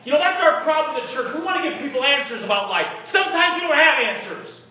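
A man's voice: extremely high pitch, animated, fast. A male pastor preaching a sermon to his congregation, putting rhetorical questions to them. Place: church. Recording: echoey, dull lo-fi church recording.

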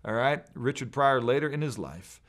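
A man's voice: medium pitch, expressive, moderate pace, a bit bright. A man teaching from scripture in an earnest, emphatic way, quoting verses. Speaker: pastor. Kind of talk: preaching bible teaching.

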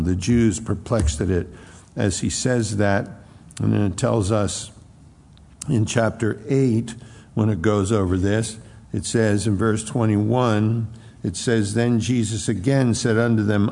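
Man, middle-aged pastor, reflective sermon, low gravelly voice. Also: steady tone, a little slow, dark tone, in a large hall. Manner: reflective, reads scripture aloud in King James wording. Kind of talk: expository sermon.

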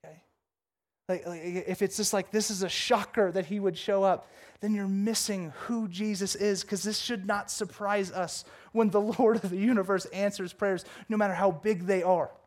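A man preaching a sermon, reading scripture and then retelling it with jokes and lively asides. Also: normal speed. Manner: animated, jokey storytelling with big pitch swings; reads scripture aloud, then riffs casually. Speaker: pastor.

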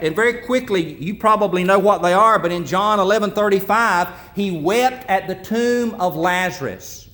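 Earnest high-voiced male pastor preaching. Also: fairly bright tone. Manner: earnest preaching with repetitions and restarts. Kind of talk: sermon.

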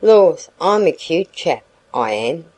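Woman reading a slick young peddler guy, sweet-talking in country dialect, slow and low-ish. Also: heavily acted, low-quality recording. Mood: flattering. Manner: rustic dialect, wheedling flattery. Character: cheeky young male peddler, flattering and sly.

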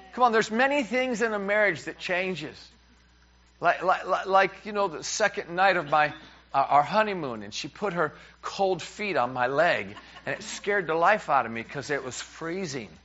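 Middle-aged New preacher, man; lively storyteller who acts out both sides of a conversation, slightly dull recording. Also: high voice, normal speed. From New York. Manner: animated, repeats words, acts out dialogue. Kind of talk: humorous sermon storytelling. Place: church.

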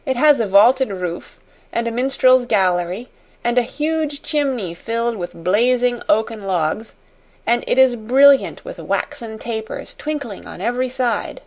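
A woman's voice: on the high side, animated, a little slow, a little mellow, voice pushed up. A woman voicing an imaginative young girl, gracious and dreamy, who speaks in a grand, storytelling way. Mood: enchanted.

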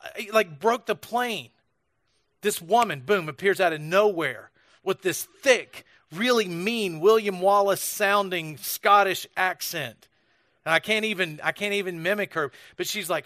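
With a high voice at a moderate pace and a somewhat bright tone, an American pastor preaches a sermon in a dry recording. His delivery is storytelling and conversational, with many restarts.

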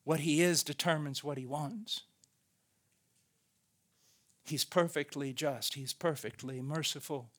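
A man preaches with slow, deliberate earnestness. His voice sits a bit high and he presses his points by repeating them. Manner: earnest, emphatic, repeats key phrases. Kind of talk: sermon.

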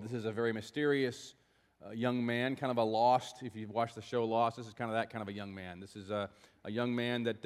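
A pastor preaching a sermon in a conversational, explanatory way, with asides to the congregation. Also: male voice, medium pitch, in a large hall.

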